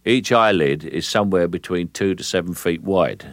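An older man from London, an actor as an interview guest, speaking in a measured, deliberate way and pausing to restart sentences. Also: a bit bright, no echo. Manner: measured, deliberate, with frequent restarts and low chuckles. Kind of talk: relaxed, anecdotal interview talk.

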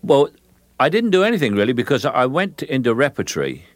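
An older man with a London Cockney-rooted accent, talking through a radio interview in an unhurried, halting way with many fillers. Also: medium pitch, very animated, no echo. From England. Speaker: guest, film actor.

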